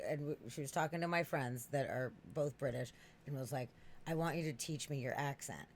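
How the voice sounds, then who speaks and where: An East Coast man hosting a podcast in a loose, rambling chat, middle-pitched and quick to laugh. He swears freely and tells stories with plenty of energy, over a faint hiss of background noise. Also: vocal fry. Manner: animated, laughing, profane and rambling. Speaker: podcast host.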